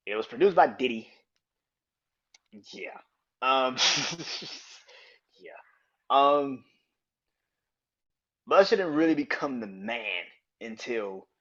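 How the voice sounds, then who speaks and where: A man hosting a casual solo podcast, talking in a loose, profane, excited way and laughing often. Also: on the low side, dull audio. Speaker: podcast host.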